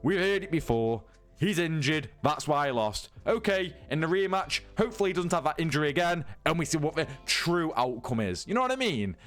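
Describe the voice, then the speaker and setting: Man, fed-up rant, swearing, higher-pitched voice, faint music behind. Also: sing-song, a little fast, fairly bright tone. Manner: incredulous, exasperated, sweary. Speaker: MMA news YouTuber. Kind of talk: casual rant commentary.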